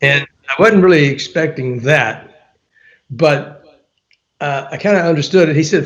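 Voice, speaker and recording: Older man telling a lively anecdote. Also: fairly high pitch, unhurried, long pauses, lo-fi sound. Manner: animated storyteller, laughs often, frequent fillers, quotes people in dialogue. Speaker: interview guest, author and former radio promo man. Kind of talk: storytelling anecdote in interview.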